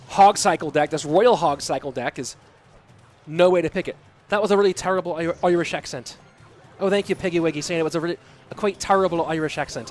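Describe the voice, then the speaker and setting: A man casting live esports play-by-play, chatty and reading out viewer messages between plays, getting excited at big plays. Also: on the high side, a little hiss or hum. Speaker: esports caster and stream host. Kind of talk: live play-by-play game commentary.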